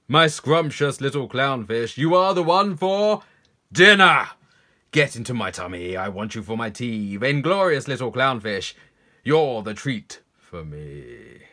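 A man voicing a hungry predator fish in a children's poem, coaxing in a slow, oily voice. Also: medium pitch, very animated, sharp tone.

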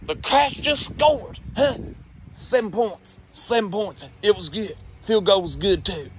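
A man voicing his drunk, rowdy uncle who screams and babbles in a high voice. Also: expressive, unhurried. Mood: screaming. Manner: shrill, screaming, overexcited. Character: rowdy drunk middle-aged male uncle, loud sports fan.

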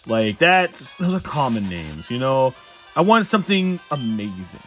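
A man's voice: mid-range voice, very animated, measured pace, fairly bright tone, faint music behind. A man giving casual let's-play commentary late at night, tired, rambling and chuckling at his own jokes. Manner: rambling, self-amused, chuckles often. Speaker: gamer playing a Nuzlocke run.

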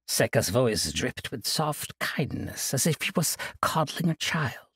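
A man narrating a fantasy audiobook in a dramatic, expressive reading style. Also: mid-range voice, measured pace, few pauses, slightly rough, no room sound, studio quality.

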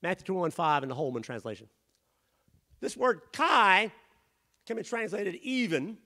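A man preaching a sermon as pastor in a church, rising to shouted emphasis and dropping to quiet asides. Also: sits high, sing-song, normal speed. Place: church sanctuary.

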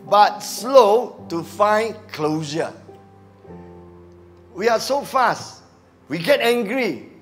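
Animated Malaysian pastor preaching, high voice. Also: male voice. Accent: Malaysian English. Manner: animated, acts out quoted voices, drops to mutters for asides. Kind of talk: sermon. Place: church.

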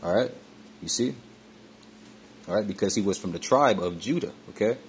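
Deep-voiced man preaching from scripture. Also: lively intonation, a little hiss or hum. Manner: repetitive, frequent "man, all right, okay, you see" tags; halting with many fillers and restarts. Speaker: religious teacher. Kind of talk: scripture teaching monologue.

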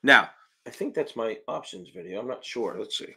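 A man's voice: on the low side, animated, normal speed, vocal fry, bright, forceful tone, slightly rough. A man hosting a live-stream Q&A as an exam prep tutor, talking in a brash, profane and blunt way, with emphatic interjections.

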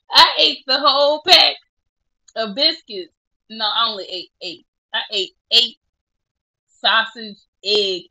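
Casual woman vlogger, bright tone, tearful laughs, lo-fi phone sound. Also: mid-range voice. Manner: chatty, self-mocking, laughing through tears. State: tearful at times. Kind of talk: casual selfie vlog.

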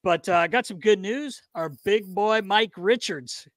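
Man, casual podcast co-host, somewhat high voice, teasing, close dry mic. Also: measured pace, dry recording. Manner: teasing, animated, repeats words. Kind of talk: casual hockey chat.

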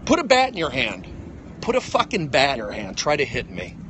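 A middle-aged comedian livestreams from his phone outdoors, launching into a rambling rant. He speaks fairly quickly in agitated bursts, with huge pitch swings between loud outbursts and low mutters, and the audio carries a little hiss or hum.

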